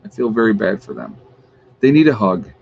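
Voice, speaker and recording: Over narrow, tinny audio with slight background noise, a New York State man hosts his channel's YouTube livestream in a fairly low, creaky, sing-song voice, speaking a little fast. He chats casually and with amusement, reading viewers' locations and teasing trolls.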